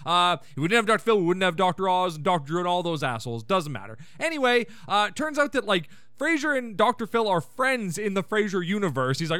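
A man's voice: high-pitched, very animated, fast talker, few pauses, sharp tone, no echo. A man hosting a podcast, giving a casual, irreverent recap of a sitcom episode with sarcastic asides and rants. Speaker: podcast host.

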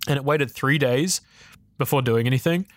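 A man co-hosting a casual tech podcast, talking in an animated, ranty way with swearing and laughter. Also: mid-range voice, normal speed. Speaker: podcast co-host.

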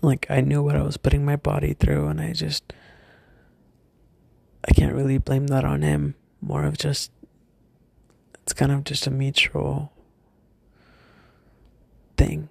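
A young man telling a personal story from his school days, hesitant and halting, often stopping and restarting. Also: fairly high pitch, completely flat delivery, vocal fry, breathy edge, no room sound.

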